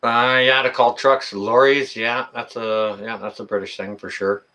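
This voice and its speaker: A man's voice: medium pitch, little pitch movement, normal speed, pushed and bright. A middle-aged man hosting a casual livestream, reading the chat in a folksy way, with lots of fillers and laughter.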